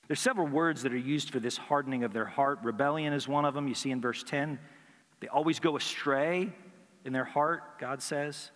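A man's voice: fairly high pitch, fairly even intonation, a little fast, a bit bright. A man preaching a sermon as pastor, earnest and building emphasis through repeated phrases. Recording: hall reverb.

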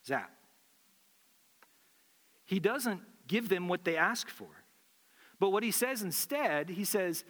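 A man's voice: high voice, expressive, measured pace, pauses often, pushed and bright, big-room sound. A man preaching a sermon as pastor, earnest and repeating phrases for emphasis.

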